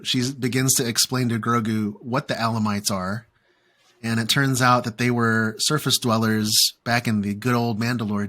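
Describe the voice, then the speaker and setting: Casual chat from a man hosting a fan podcast. He walks through the plot in a relaxed, rambling way, full of "um"s and quick jokes, at an ordinary pitch. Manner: recaps plot with frequent fillers and playful quotes. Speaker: podcast host.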